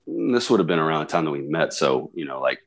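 A man co-hosting a casual movie podcast, talking in a thoughtful, relaxed way with frequent ums. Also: rumbling low, quick pace. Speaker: podcast co-host.

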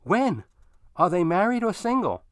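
A man's voice: high voice, big pitch swings, unhurried, a bit bright, no echo, clean studio sound, voice pushed up, exaggerated voice. A man voicing a flirtatious middle-aged woman neighbor with a cooing, syrupy manner. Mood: eager.

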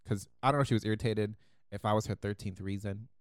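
A man co-hosting a podcast, telling a story in a casual, animated way, laughing often and acting out the people he quotes. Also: lowish voice, fast talker, no room sound, studio quality. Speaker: podcast co-host.

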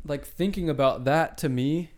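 Animated young man saying "dude" a lot. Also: on the high side, normal speed. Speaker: podcast co-host. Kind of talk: casual chat.

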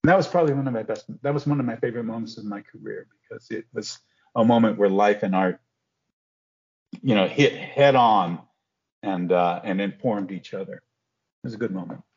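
A husky older man recalls moments from his acting career, slipping into the voices of people he quotes. He comes through a muffled, lo-fi remote line. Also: fairly low pitch, a little fast. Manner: animated storyteller, acts out quotes. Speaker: guest actor. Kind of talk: casual storytelling interview.

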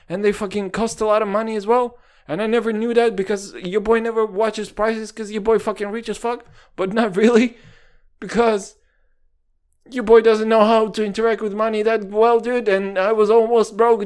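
A man's voice: sits high, clear, resonant tone. A young man rambling through a casual solo podcast, jokey and full of swearing. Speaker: podcast host.

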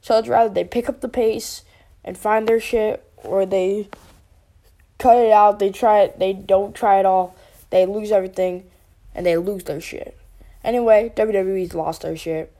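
Woman, vlogger, casual rant, rambling, filler-heavy, dark mellow voice. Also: medium pitch, steady tone, moderate pace. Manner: rambling, with many fillers and restarts. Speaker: wrestling vlogger.

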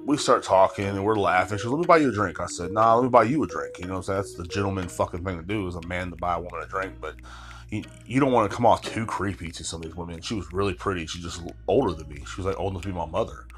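A man's voice: sits low, steady tone, racing, faint music behind. A man in his thirties hosting a podcast, telling a long story in a loose, rambling way with lots of swearing and asides, sounding tired. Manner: rambling, heavy swearing, frequent filler asides. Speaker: podcast host. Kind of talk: casual storytelling monologue.

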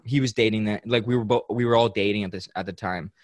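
A young man hosting a podcast, telling a story in casual chat, animated, acting out quotes and saying "like" a lot. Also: fairly low pitch, fast, no echo. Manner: animated storyteller, acts out quotes, many "like"s and laughs. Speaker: podcast host.

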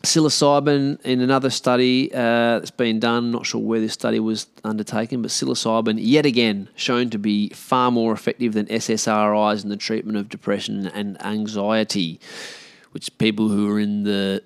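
A man's voice: fairly low pitch, level tone, moderate pace, gravelly, clean tone, dry recording. An Australian man hosting a podcast, chatting casually on his own in a blunt, sweary, rambling way. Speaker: podcast host. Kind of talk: casual solo podcast chat.

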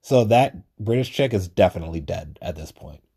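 A man's voice: low voice, lively intonation, fairly quick, gravelly, dark tone, breathy edge. A young man rambling through a casual solo monologue, swearing often and joking at his own expense. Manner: rambling, swears a lot, self-deprecating. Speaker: podcast host.

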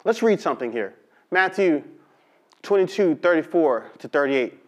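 A man preaching a sermon, reading scripture slowly and telling lively stories with call-and-response. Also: a little high. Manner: animated storytelling with call-and-response to the congregation; slow, drawn-out emphasis on scripture. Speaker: pastor.

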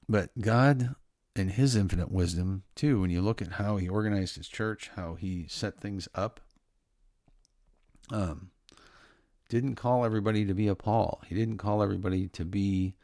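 A middle-aged man giving casual Christian commentary, earnest and preachy, often pausing and restarting his sentences. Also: deep voice, vocal fry, a little mellow, dry recording, clean studio sound.

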